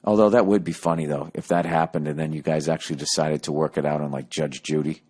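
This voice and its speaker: A man's voice: rumbling low, steady tone, fast, darkish tone. A man in his late forties hosting a podcast, rambling through a profane, self-mocking comedic rant. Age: 40s. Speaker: podcast host.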